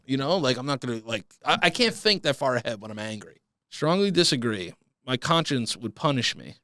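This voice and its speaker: On his solo comedy podcast, a man launches into a profane, mock-outraged rant, his pitch leaping wildly in a sing-song way. His tone is bright and edgy and his pace fairly quick, with a dry, close-miked sound and no echo.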